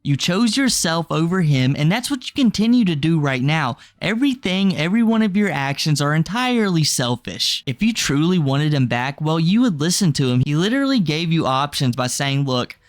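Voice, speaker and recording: A man's voice: on the high side, big pitch swings, moderate pace, hardly any pauses, no room sound. A man hosting an online drama commentary channel, indignant and critical.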